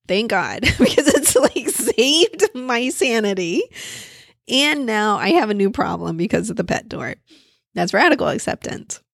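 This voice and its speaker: A woman's voice: mid-range voice, gravelly, dry recording, clean studio sound. A woman therapist explaining a coping skill in a casual, conversational way, thinking aloud as she goes. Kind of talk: casual teaching talk.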